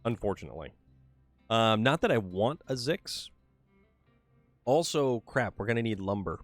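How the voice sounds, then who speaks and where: Low-voiced man rambling over game music. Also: very animated, moderate pace. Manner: rambling, self-amused, muttering to himself. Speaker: streamer playing a truck game. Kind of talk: casual gameplay commentary.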